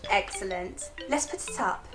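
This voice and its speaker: A woman's voice: high-pitched, very animated, unhurried, faint music behind. A young woman hosting a children's phonics lesson, cheerful and encouraging, laughing often. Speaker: phonics teacher and host.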